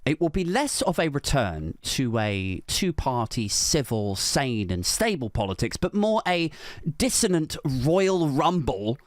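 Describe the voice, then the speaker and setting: A man's voice: mid-range voice, sing-song, measured pace, dry recording, studio quality. A man giving a sardonic, sweary comedic political rant, mocking and sarcastic. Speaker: comedian host.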